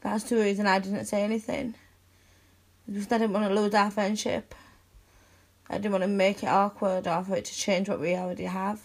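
A young woman in a one-sided audio role-play, speaking softly and intimately to the listener as her best friend, with sighs and giggles. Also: medium pitch, little pitch movement, a little fast.

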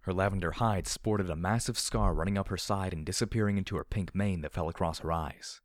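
A man narrating first-person fiction as an audiobook, in a measured storytelling delivery. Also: low voice, no room sound, clean studio sound.

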